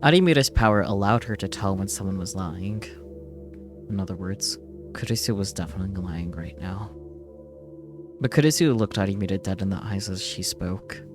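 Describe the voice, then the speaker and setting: A man's voice: low-pitched, normal speed. A male streamer reading game dialogue aloud in English over the game, with joking asides. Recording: game music behind the voice.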